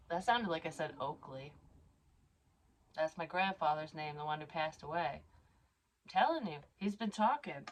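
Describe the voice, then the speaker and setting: A middle-aged woman vlogging casually as a psychic medium, rambling with many fillers and casual swearing, and reading cards aloud slowly. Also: low-pitched, lively intonation, a little hiss or hum. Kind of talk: casual personal vlog.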